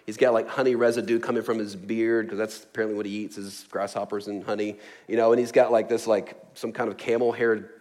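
A man's voice: on the low side, little pitch movement, fast, a little mellow. A man preaching a sermon in a casual, joking way, with chuckles, asides and many fillers. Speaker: pastor.

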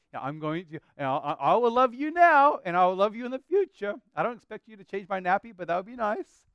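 An Australian man preaching a sermon, earnest, slowing down to draw out scripture and prayers. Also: high-pitched, expressive, fairly bright tone, smooth, no room sound, highs cut off. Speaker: pastor.

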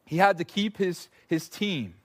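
At an evening church service, a male pastor delivers a sermon in a voice pitched slightly high for a man. He speaks to the congregation as if they were friends, taking his time as he spins lively, casual stories dotted with playful asides.

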